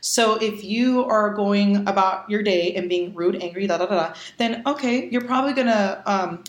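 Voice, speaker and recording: A woman's voice: medium pitch, normal speed, roomy sound. A woman talking candidly in a casual podcast conversation, speaking emphatically and swearing bluntly as she makes her points. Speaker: podcast guest.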